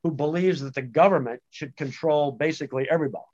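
Animated man guest on lo-fi audio. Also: on the high side, quick pace. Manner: animated, emphatic, frequent restarts. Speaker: home education researcher guest. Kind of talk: conversational podcast interview. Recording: dull lo-fi audio.

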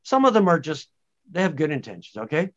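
A man who researches home-based education, speaking as an animated, emphatic guest in a conversational podcast interview. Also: fairly high pitch, fast talker. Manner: animated, emphatic, frequent restarts. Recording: dull lo-fi audio.

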